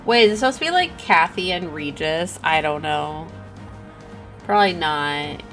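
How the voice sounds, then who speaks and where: A woman's voice: low-pitched, lively intonation, moderate pace, fairly bright tone, soft background music. A young woman streaming a game, chatting and reacting aloud with gasps and exclamations. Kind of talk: casual game commentary.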